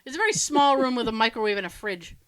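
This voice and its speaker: A woman co-hosting a podcast, telling animated stories in casual chat, swearing freely and laughing often. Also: fairly high pitch, fast, crowd noise. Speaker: podcast co-host.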